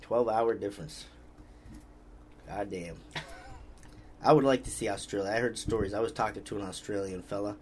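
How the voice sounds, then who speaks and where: Laid-back low-voiced man chatting. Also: fairly even intonation, moderate pace, pauses often, darkish tone, a little hiss or hum. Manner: laid-back, rambling, reads out viewer comments. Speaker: podcast host. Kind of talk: casual chat.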